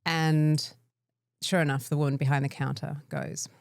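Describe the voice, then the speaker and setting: A woman's voice: sits low, flat delivery, normal speed, vocal fry, a little mellow, dry recording, studio quality. An Australian woman co-hosting a podcast, telling wry, self-deprecating stories in casual chat. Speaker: podcast co-host.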